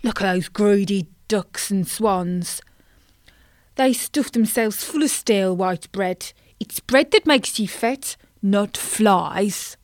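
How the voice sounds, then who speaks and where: A woman's voice: mid-range voice, takes it slowly, dry recording, studio quality, natural voice. A woman voicing a grumpy, pompous male carp who is big and vain, talking in a huffy, self-important way. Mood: indignant.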